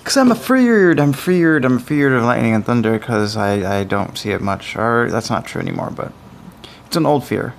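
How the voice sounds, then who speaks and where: Male streamer, middle pitch, gravelly, rambling, faint noise behind. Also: moderate pace. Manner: rambling, stammering, self-interrupting. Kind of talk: casual live stream chat.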